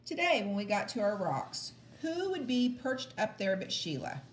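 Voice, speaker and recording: A woman reading a children's book aloud, lively and expressive with small stumbles. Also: medium pitch, normal speed, roomy sound, a little hiss or hum. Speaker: audiobook reader. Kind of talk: storybook read-aloud.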